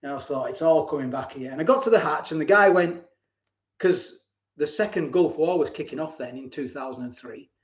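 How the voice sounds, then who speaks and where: A man's voice: on the high side, brisk. A man in his forties hosting a live stream. He tells stories in a rambling way, repeats words and often chuckles. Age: 40s. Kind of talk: casual live-stream chat and storytelling. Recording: roomy, dull lo-fi home stream.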